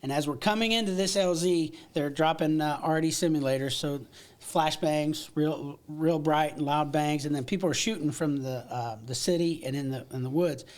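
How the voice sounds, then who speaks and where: Animated middle-aged man telling stories. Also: on the high side. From United States. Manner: animated storyteller, many restarts and laughs. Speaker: podcast guest. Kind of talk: casual storytelling interview.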